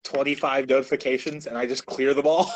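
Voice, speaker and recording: A man's voice: mid-range voice, steady tone, normal speed, low-quality recording. A young man co-hosting a podcast, chatting casually and rambling as he searches for his words. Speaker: podcast co-host. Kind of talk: casual chat.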